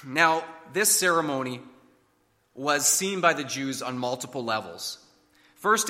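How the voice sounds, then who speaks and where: A man preaching a sermon, emphatic and building to loud declarations. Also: on the high side, big-room sound.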